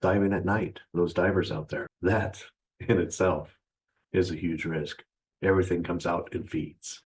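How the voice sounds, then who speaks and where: Deep-voiced man ranting mockingly. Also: steady tone, a little slow, rough recording. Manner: scornful and profane, laughs at his own jabs; keeps calling the viewer traders. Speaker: trading channel host. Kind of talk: mocking motivational rant to the viewer.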